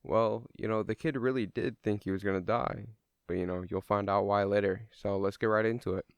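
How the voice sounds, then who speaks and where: A man's voice: fairly low pitch, steady tone, a little fast, creaky, clean tone, no room sound, clean studio sound. A young man telling a personal story in a casual, rambling way, swearing freely and using lots of fillers. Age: young adult.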